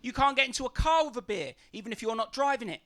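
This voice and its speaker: A man's voice: very high voice, animated, fast talker, a bit bright. A man doing a stand-up set on a comedy club stage, with a brash, sweary, mocking delivery.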